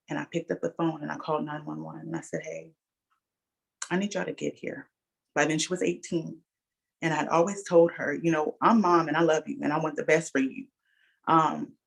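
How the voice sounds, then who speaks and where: A woman's voice: low-pitched, vocal fry, husky. A middle-aged woman sharing a personal testimony as a guest speaker, telling her story earnestly and calling her listeners y'all.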